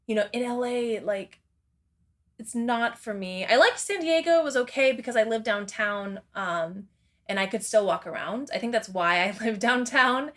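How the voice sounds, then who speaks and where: A woman's voice: a little high, animated, normal speed, fairly bright tone. A woman speaking as a guest in a casual interview, rambling and candid, swearing freely and laughing often between her thoughts.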